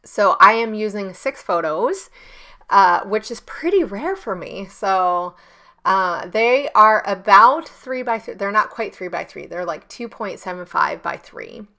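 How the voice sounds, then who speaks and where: A scrapbooking YouTuber in her thirties talks through a casual crafting tutorial at her home desk, rambling with ums and correcting herself. Her mid-range voice is creaky, pushed and bright, with lively intonation and an unhurried pace. She's recorded by a camera on a stand on her desk.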